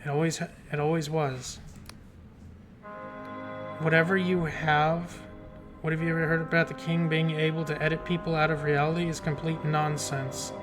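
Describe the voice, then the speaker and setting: Reading game dialogue aloud, a man voices a fussy, guarded older woman librarian, prim, jumpy, and hiding secrets, who calls people "dearie." His voice is fairly high, level, and at a normal speed, close to how he normally talks, with game music playing behind.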